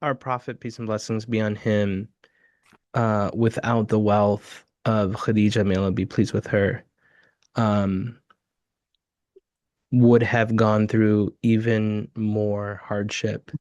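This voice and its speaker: A man's voice: on the low side, flat delivery, takes it slowly, a little mellow, dry recording. A man co-hosting a live webinar over a video call, telling stories earnestly and building to emphatic lists. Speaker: webinar co-host.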